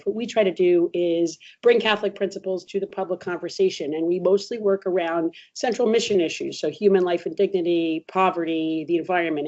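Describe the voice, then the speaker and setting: A middle-aged woman, hoarse from a cold, speaking earnestly as a webinar guest with many fillers. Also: fairly low pitch, a little mellow. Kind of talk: webinar talk. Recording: dull lo-fi webinar audio.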